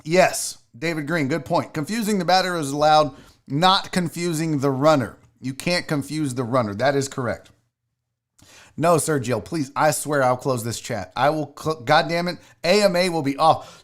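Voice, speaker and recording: A man's voice: fairly high pitch, moderate pace. A man hosting a live sports show, ranting casually and profanely while reading viewers' chat.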